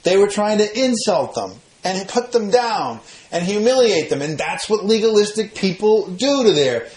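A man's voice: a little high, roomy sound, rough recording. A man teaching verse by verse through a Bible passage, explaining grammar plainly, often restarting phrases and rising when he stresses a point. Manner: explanatory, repeats and restarts phrases, rises in emphasis.

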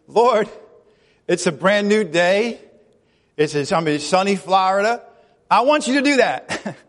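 A man preaching a chatty sermon as pastor, laughing often and acting out quoted voices. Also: sits high. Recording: long hall reverb.

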